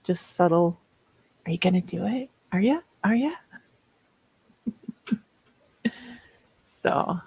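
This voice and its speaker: A woman's voice: medium pitch, vocal fry, dry recording, rough recording. A woman in her fifties with a Minnesota accent, chatting casually and laughing often while hosting writing sprints. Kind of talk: casual livestream chat.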